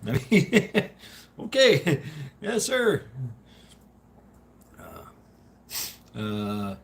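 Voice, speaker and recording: A man's voice: mid-range voice, wildly swooping pitch, extremely slow, gravelly, long pauses. A Southern man hosting a livestream, talking casually in a rambling, profane way with lots of laughter. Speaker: livestream host.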